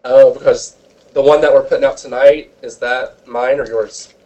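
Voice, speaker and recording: A man's voice: mid-range voice, steady tone, normal speed, mellow, rough recording. Young man teasing on a casual podcast. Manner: joking, teasing. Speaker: podcast host. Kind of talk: casual chat.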